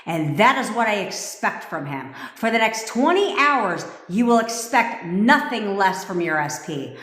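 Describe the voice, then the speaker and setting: A woman's voice: mid-range voice, sing-song, a little slow, a bit bright. A woman manifestation coach talking on a livestream in a blunt, profane, commanding way. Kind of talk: livestream talk to viewers. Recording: echoey room with long reverb.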